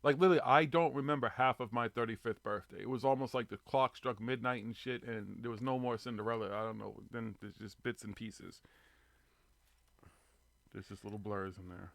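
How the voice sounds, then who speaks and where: A man's voice: mid-range voice, fairly even intonation, brisk, gravelly, a bit bright, dry recording. A man in his thirties hosting a live online show, chatting casually and telling loose stories with plenty of swearing. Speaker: podcast host. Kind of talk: casual chat on a live stream.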